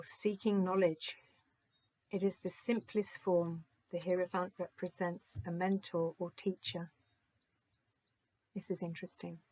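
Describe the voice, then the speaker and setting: A woman giving a gentle, musing oracle card reading, slowly reading out card texts and reflecting on them. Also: fairly low pitch, husky, no room sound, low-quality recording.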